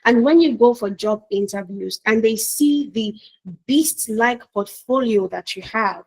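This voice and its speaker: A woman's voice: on the high side, a little slow, a little mellow, rough recording. A woman giving an enthusiastic promotional talk, speaking directly to the viewer with frequent fillers. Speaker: presenter for a training company.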